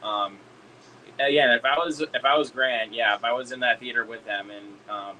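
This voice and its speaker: A man streaming a casual hangout chat, excitable, swearing a lot and laughing often. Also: mid-range voice, moderate pace, slight background noise, poor audio.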